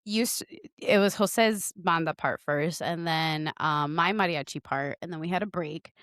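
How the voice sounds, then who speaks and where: A woman co-hosting a podcast, telling a story in a lively way, acting out the voices and laughing often. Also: deep voice, measured pace, no echo, studio quality. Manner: animated, acts out voices in her stories, laughs often. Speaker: podcast co-host. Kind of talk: casual storytelling chat.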